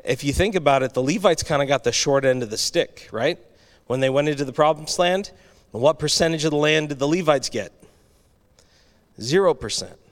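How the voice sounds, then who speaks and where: A man's voice: on the high side, animated, normal speed. A male pastor delivering a sermon in a conversational way, with restarts and asides to the congregation.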